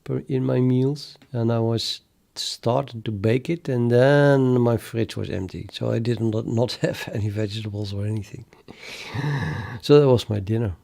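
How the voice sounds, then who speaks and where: Guy mumbling to himself while coding on stream, slow and gravelly, kinda dark voice. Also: medium pitch. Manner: muttering, halting, trails off mid-sentence. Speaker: programmer streaming live development. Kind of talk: thinking aloud while coding, chatting with viewers.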